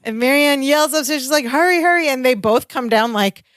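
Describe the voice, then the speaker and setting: A woman's voice: high voice, brisk, a crowd in the background. Upbeat woman recapping a sitcom. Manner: retells scenes by acting out characters' lines. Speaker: podcast co-host. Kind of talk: casual chat recapping a sitcom episode.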